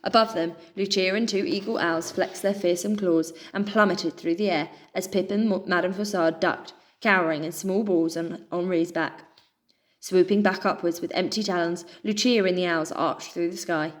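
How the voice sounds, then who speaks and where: A woman reading a children's adventure story aloud with expressive narration. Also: fairly low pitch, moderate pace. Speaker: children's book reader.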